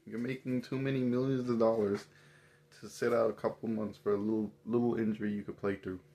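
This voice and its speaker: A man's voice: fairly low pitch, level tone, fairly quick, dark tone. A man, giving a casual, exasperated opinion rant full of emphatic rhetorical questions. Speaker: commentator.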